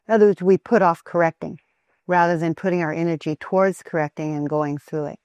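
A mother giving a calm, earnest talk that teaches parents how to train their children in Christian character. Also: on the low side, fairly quick, dry recording.

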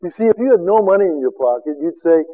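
A man with a high voice preaches a sermon, throwing out rhetorical questions and swinging between loud bursts and hushed asides. The sound is thin and tinny, like narrow-band broadcast audio. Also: lively intonation, fast. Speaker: preacher and seminar teacher.

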